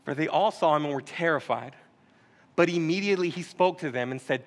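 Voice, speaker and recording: A male pastor preaching a sermon in a casual, joking way, using slang and quick asides. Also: fairly high pitch.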